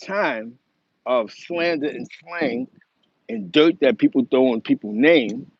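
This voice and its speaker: Speaking slowly in a creaky mid-range voice with lively intonation, a Bronx, New York host gives a casual, rambling commentary monologue on his show. He's emphatic and restarts a lot, and the recording is dry and lo-fi.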